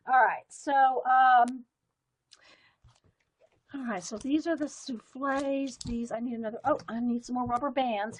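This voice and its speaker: A woman hosting a casual live stream, chatting to her viewers in a rambling way and laughing often. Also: a little high. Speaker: livestream host.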